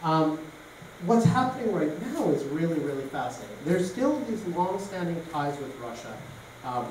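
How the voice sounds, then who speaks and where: A man's voice: fairly high pitch, warm tone. A man from Canada giving an informal public lecture, telling anecdotes along the way. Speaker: guest lecturer. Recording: echoey room from a distance, faint noise.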